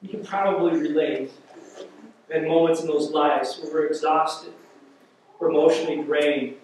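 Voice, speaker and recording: A man's voice: fairly high pitch, steady tone, moderate pace, long pauses, a little mellow, a little hiss or hum. A man preaching a sermon as pastor, retelling a scripture story vividly and repeating words as he builds intensity. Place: church. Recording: echoey church hall, mic at a distance.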